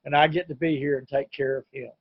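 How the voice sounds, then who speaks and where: A man's voice: medium pitch, little pitch movement, fast, husky, no room sound, highs cut off. A middle-aged man telling his own recovery story in an earnest, plain-spoken way. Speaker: recovery meeting speaker. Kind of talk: personal testimony talk. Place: home, online meeting.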